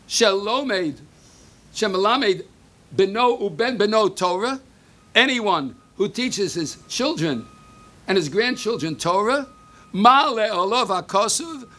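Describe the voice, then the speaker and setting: Older new guy giving a sermon, high bright voice, drops quiet then gets loud. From United States. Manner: storytelling, swings between hushed and emphatic; mixes Hebrew phrases into English.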